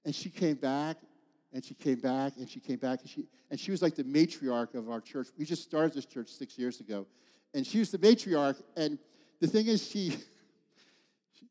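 A man's voice: medium pitch, lively intonation, moderate pace, mellow. Pastor in his fifties, echoing hall. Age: 50s. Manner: heartfelt storytelling with call-outs to the congregation. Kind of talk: sermon. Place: church.

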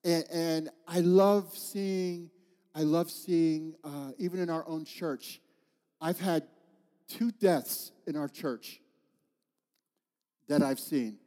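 A man's voice: fairly high pitch, fairly even intonation, takes it slowly, long pauses, mellow, long reverb tail. A man in his fifties preaching a heartfelt sermon in church, telling stories and calling out to the congregation. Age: 50s. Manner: heartfelt storytelling with call-outs to the congregation. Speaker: pastor.

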